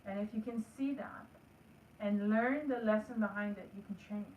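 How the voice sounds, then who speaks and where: A woman's voice: medium pitch, normal speed, narrow, tinny audio, slight background noise. Earnest woman teaching, echoey room. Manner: earnest, coaching, acts out inner dialogue. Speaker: energy work teacher. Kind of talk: spiritual teaching talk. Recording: echoey room, voice heard from a distance.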